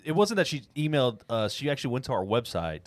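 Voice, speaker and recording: A man's voice: medium pitch, very animated, fast talker, no room sound. Guy hosting a podcast, laid back, lots of uhs, dry close mic. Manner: easygoing, steers the topics, hesitant with many uhs. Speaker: podcast co-host. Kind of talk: casual podcast banter.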